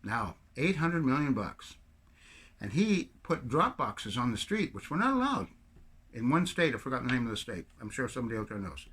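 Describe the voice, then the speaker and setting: A man's voice: mid-range voice, very animated, brisk, fairly bright tone, breathy edge. A man from Canada giving a rambling, sarcastic political rant to camera as a video commentator. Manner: rambling, sarcastic storyteller with mocking put-on French bits.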